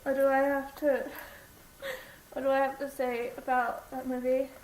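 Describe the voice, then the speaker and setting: A young woman in casual chat, giggling often and answering in slow, drawn-out replies. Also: sits high, level tone, darkish tone. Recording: echoey room with faint noise.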